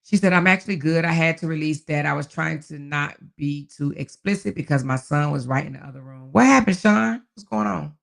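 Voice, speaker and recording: A woman hosts a relaxed live chat and reads out comments from her viewers. She speaks in a folksy, affectionate way and calls people baby, child and honey. Her voice is gravelly and full of fry, and she laughs often as she talks. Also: sits low, a little fast, hardly any pauses. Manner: laughs often while talking. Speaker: livestream host.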